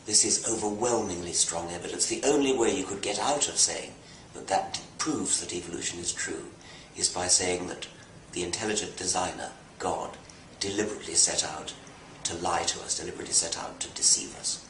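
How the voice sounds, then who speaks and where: A British man explaining a science topic in an unscripted talk, with some halting restarts between fluent stretches. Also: low-pitched, fairly bright tone, echoey room, slight background noise, rough recording. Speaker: guest answering questions.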